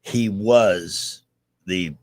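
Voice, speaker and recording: An older man in his sixties with a very low, deep voice, hosting a casual talk radio show. He spins rambling stories, backing up and restarting as he goes. The sound is close and dry, like a studio mic. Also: drawn-out words, dry recording.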